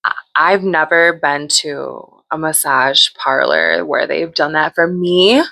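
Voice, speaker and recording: A woman's voice: sits low, slow pace, creaky, bright, forceful tone, no room sound. A woman hosting a podcast, casually telling a story, laughing often and acting out what people said. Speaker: podcast host.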